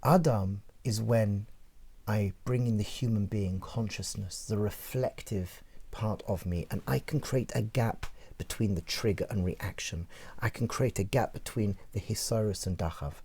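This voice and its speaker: A rabbi with a strong English accent teaching in a podcast discussion, animated and acting out everyday scenes. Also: male voice, on the low side, a little slow, breathy edge. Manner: animated, acts out scenarios in character voices.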